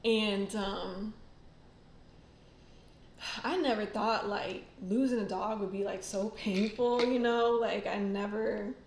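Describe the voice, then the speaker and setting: A woman's voice: medium pitch, steady tone, slow pace, a little mellow, echoey room, slight background noise. A woman hosting a casual livestream, chatting. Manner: chatty, rambling, many fillers and laughs. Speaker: tarot channel host.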